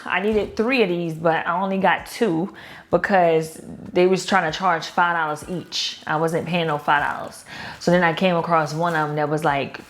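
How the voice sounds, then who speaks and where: Young woman, Baltimore accent, chatty vlogger, mid-pitched voice, soft hiss behind. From Baltimore, Maryland. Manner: chatty, addresses viewers as "girl" and "y'all". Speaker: lifestyle vlogger. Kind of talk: casual vlog chat.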